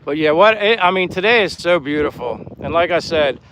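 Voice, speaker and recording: A man's voice: fairly high pitch, animated, moderate pace, fairly bright tone, poor audio. A man in his fifties from Pennsylvania, chatting casually on a live stream while walking by the sea, rambling and friendly as he reads out viewer comments. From Pennsylvania, USA. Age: 50s. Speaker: vlogger, live-stream host. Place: outdoors by the sea in a town. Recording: faint outdoor noise, wind on mic. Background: breeze and faint street and boat sounds.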